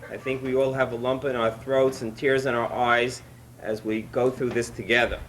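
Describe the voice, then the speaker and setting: A man's voice: medium pitch, flat delivery, moderate pace, a bit bright, a little hiss or hum, low-quality recording. A man delivering a solemn formal speech to honored guests at a ceremony. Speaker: speaker representing a study hall.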